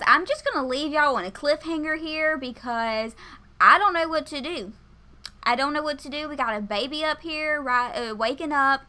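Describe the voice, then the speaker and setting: Young woman, panicked game commentary, stammers, slightly high voice. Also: bright, forceful tone. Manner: panicked, stammering, talks to viewers. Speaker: gaming video host. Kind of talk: let's play commentary.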